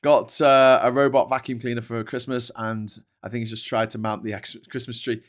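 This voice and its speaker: A male host talking loosely to his audience, ranting and rambling, with a fair amount of swearing. He often stops and restarts his sentences. His voice sits at an ordinary middle pitch. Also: flat delivery, normal speed, few pauses. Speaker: show host. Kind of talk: casual livestream chat.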